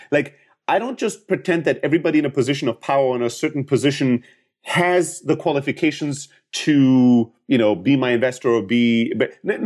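Speaking in a mid-range, slightly dark voice, a man from Greece in his thirties, a startup founder who coaches sales, delivers a forceful motivational talk in Greek-accented English. He frequently begins sentences again and performs the dialogue he quotes.

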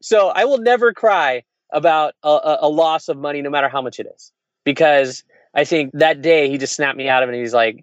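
A man in his forties, an entrepreneur, telling a personal story in casual conversation, frank and quick with restarts and laughs. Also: a little high, no room sound, muffled recording. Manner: fast, candid, laughs and restarts often. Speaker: entrepreneur, podcast guest.

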